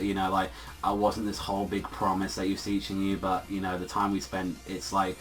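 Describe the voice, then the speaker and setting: A man's voice: on the low side, flat delivery, moderate pace. A young man casually reviewing a manga chapter, rambling through fillers and swearing freely as he gushes. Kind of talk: casual spoken video review. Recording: far from the mic, faint music behind.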